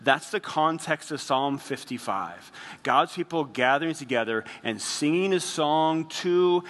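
A man preaching a sermon as pastor, earnest, slowing down and dropping his voice on heavy phrases. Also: fairly high pitch, expressive, a bit bright, big-room sound.

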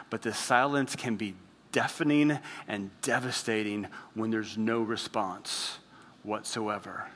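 A man preaching a sermon as pastor, earnest, slowing down and dropping his voice on heavy phrases. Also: mid-range voice, fairly bright tone, big-room sound.

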